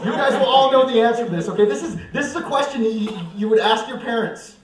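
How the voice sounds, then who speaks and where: Brief: young male comic, high-voiced, self-mocking, recorded from across a roomy coffeehouse. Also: quick pace, a little hiss or hum. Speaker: stand-up comedian. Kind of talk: live stand-up comedy. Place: church coffeehouse stage. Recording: roomy hall, mic far off.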